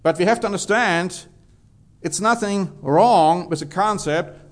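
A man's voice: high voice, unhurried. A man preaching a sermon, emphatic, reading scripture aloud and stressing key words.

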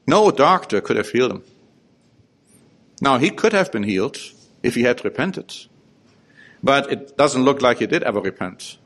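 A man's voice: mid-range voice, lively intonation, normal speed, long pauses, fairly bright tone. A man preaching a sermon, reading scripture aloud and stressing points with rhetorical questions. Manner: emphatic, asks rhetorical questions.

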